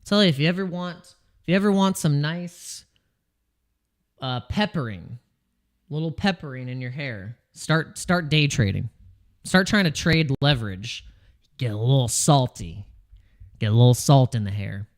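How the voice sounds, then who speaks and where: Speaking a little slowly with long pauses, a man in a mid-range, animated voice hosts a laid-back crypto stream. Jittery from too much coffee, he cracks jokes, rambles, reads chat names aloud and restarts what he's saying.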